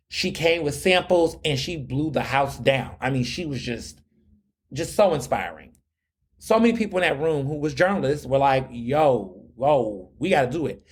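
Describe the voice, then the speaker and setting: A young adult man hosting a podcast, telling a long story in a chatty, slangy way with lots of restarts. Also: fairly high pitch. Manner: chatty, repeats words and restarts often, slangy. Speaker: podcast host. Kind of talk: casual storytelling monologue.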